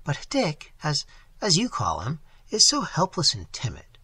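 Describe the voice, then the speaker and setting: A man's voice: fairly high pitch, wildly swooping pitch, a little slow, bright, forceful tone, husky, dry recording, full character voice. A man reading a saucy, teasing young woman in an audiobook. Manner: teasing, spirited.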